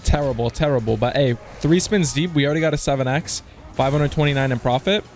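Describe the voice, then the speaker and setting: A man giving live gambling commentary as a slots streamer, casual and slangy, swearing and bursting into yells on big hits. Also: medium pitch, fast, faint music behind. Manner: casual slang, keeps saying "dude" and "man".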